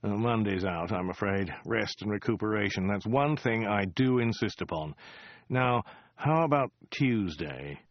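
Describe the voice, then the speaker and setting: A man reading as a self-important emperor grumbling about his diary, his low voice rising and falling widely. The recording is dull and dry. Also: expressive, a little slow, no room sound. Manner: moody, slouching complaint. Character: self-important weary male warlord emperor.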